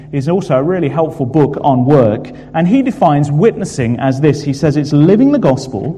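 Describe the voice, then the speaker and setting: A man from England preaching a sermon, earnest and emphatic, pausing on fillers now and then. His voice is mellow and dark. It rings out with a long reverb from the church hall. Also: medium pitch, husky.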